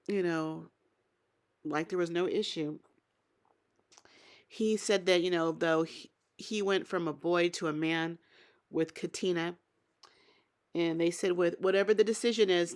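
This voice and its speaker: A woman's voice: fairly low pitch, darkish tone. A woman giving a casual, opinionated spoken recap of a reality TV episode, thinking aloud as she goes. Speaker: TV show recap reviewer.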